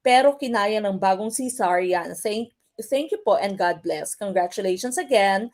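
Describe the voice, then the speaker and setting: A woman's voice: mid-range voice, normal speed, darkish tone. A woman teacher with a Filipino accent leading a live-streamed exam review, switching between English and Tagalog and reading out viewer comments. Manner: mixes English and Tagalog, reads out viewer comments, drills stress patterns.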